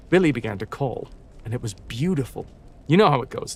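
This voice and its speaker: A man's voice: mid-range voice, animated, brisk, gravelly, a little mellow. A British man streaming live, reading a story aloud, stopping to repeat and fix words and swearing at himself. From Britain. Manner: self-correcting, swears, repeats words to practise them.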